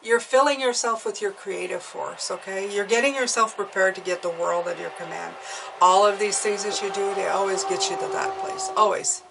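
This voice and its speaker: A woman's voice: medium pitch, expressive, normal speed, gravelly, distant mic, noisy background. A woman giving an intuitive tarot reading to viewers, chatty and encouraging, often checking in with "okay?". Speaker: tarot reader.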